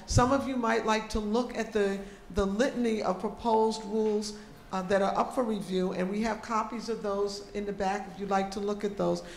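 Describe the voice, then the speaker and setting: A woman organizer talking to an audience at a public program, practical and often checking in with "okay?". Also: a little high. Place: large echoey room with an audience. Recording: roomy echo, faint room noise.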